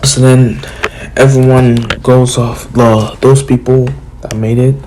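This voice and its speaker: A man's voice: mid-range voice, little pitch movement, slow, mellow, slight background noise, rough recording. A young man casually retelling a fan story in a rambling way, full of fillers and restarts.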